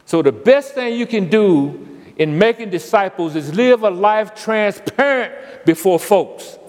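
High-voiced folksy man preaching in a reverberant church. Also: lively intonation, unhurried, darkish tone. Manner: call-and-response preaching, folksy. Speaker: pastor. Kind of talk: sermon. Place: church sanctuary.

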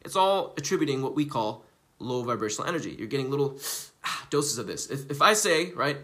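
A young man talking casually on a live stream, animated and profane, rambling and repeating himself, jumping from loud bursts to hushed asides. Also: medium pitch, brisk. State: coughing from recently quitting smoking.

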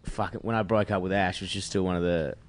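A man's voice: low-pitched, fairly even intonation, quick pace. A man, co-hosting a casual podcast, reacting sympathetically with jokes and casual swearing. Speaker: podcast co-host. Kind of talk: casual chat.

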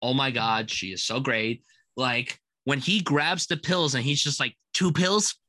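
A man chatting casually about movies on a video call, enthusiastic and quick to laugh. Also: medium pitch, sharp tone, no room sound. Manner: enthusiastic, gushing, laughs often. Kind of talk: casual film chat. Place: home room.

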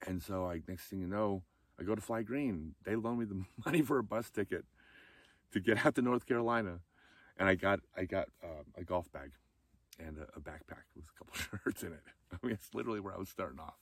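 A low-pitched man speaks fairly quickly and with no echo as he tells his own life story, candid and emotional and near tears at times. When he quotes friends, he acts them out in a raised voice.

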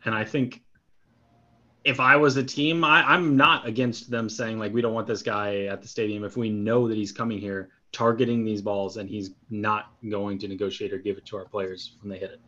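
A man's voice: mid-range voice, fairly bright tone. A man co-hosting a podcast in casual chat, hesitant, with lots of restarts and filler words. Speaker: podcast co-host. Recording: dull lo-fi sound.

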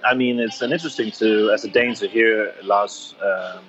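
A man's voice: lowish voice, normal speed, highs cut off. A man from Denmark with a Danish accent, chatting easily as a guest in a casual remote interview while on holiday by the sea. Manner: relaxed, chatty, laughs easily. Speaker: guest, longtime fan. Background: faint background music.

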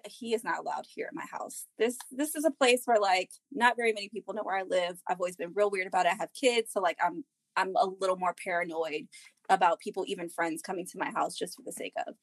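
Animated, swearing woman telling a story. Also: medium pitch, no echo, low-quality recording. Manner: animated storytelling, swears freely, acts out her own lines. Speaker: podcast co-host. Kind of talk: casual chat among friends.

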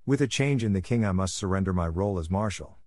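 Man doing veteran lord marshal, calm, formal, low, dry. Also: quick pace, no echo.

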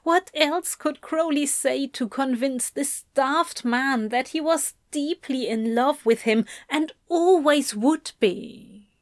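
A woman reading a story aloud in a slow, careful, intimate way. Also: high voice, dry recording, studio quality. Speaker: reader. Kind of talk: audiobook narration of fan fiction.

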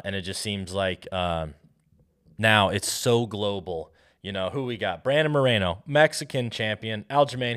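An American man hosting a solo podcast, rambling and riffing with lots of restarts and fillers. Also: fairly low pitch. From United States. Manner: rambling, self-interrupting, riffing. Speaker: podcast host.

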